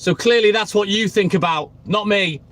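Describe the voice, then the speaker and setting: A man's voice: high voice, normal speed, background noise. A man in his late thirties, live streaming, greeting viewers and bluntly swearing at a heckler. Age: 30s. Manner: blunt, heavy swearing, trash-talks viewers. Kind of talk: casual live stream chat.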